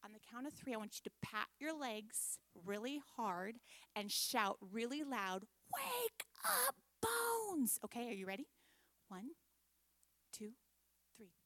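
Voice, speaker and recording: A woman's voice: mid-range voice, measured pace, long pauses, no echo. A woman leading a children's church lesson, upbeat and encouraging as she guides the kids through a memory verse. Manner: warm-hearted, upbeat teacher, leads group recitation. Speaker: children's ministry leader.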